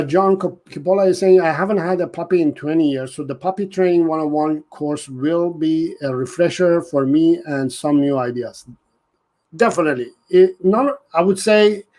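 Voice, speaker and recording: A man's voice: on the high side, a little mellow. A man hosting a live dog-training Q&A, talking earnestly and often restarting his sentences. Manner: earnest, repeats and restarts, reads out viewer comments. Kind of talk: casual live-stream Q&A.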